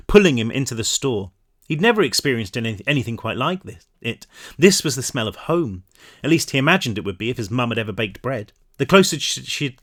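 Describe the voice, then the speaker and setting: An author reading his own novel aloud in an animated way, adding casual self-mocking asides. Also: mid-range voice.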